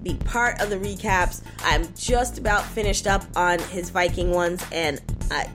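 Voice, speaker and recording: A woman's voice: lowish voice, measured pace, music in the background. A woman co-hosting a podcast, reading out upbeat, chatty plugs at the end of a show, sometimes singing a word. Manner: upbeat, chatty, sings some words. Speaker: podcast co-host. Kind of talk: casual show outro with plugs.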